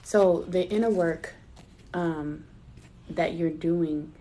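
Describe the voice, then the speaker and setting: A woman's voice: fairly low pitch, takes it slowly, mellow, slight background noise. A middle-aged woman giving a live spiritual reading in a personal, chatty way. She laughs at herself and calls her listeners baby. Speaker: intuitive card reader.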